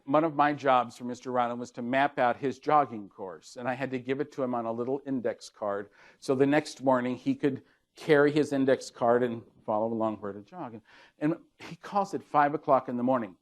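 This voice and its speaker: A man's voice: medium pitch, brisk. Man, 60s, keynote speaker. Anecdotal delivery, dry humor, plays out dialogue. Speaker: keynote speaker on leadership communication.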